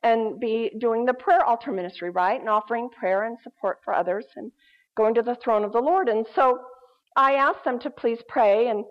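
A woman pastor with a slightly hoarse voice, preaching in a chatty storytelling way with many fillers. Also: fairly high pitch, normal speed. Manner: conversational, emphatic, with many fillers. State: hoarse, recovering voice. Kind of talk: sermon with storytelling. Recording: dull lo-fi recording.

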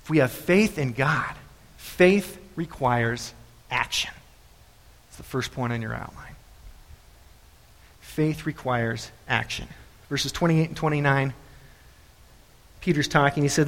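A man preaching a sermon, telling the story in an animated way and repeating phrases for emphasis. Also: medium pitch, takes it slowly, pauses often. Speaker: pastor. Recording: echoey hall.

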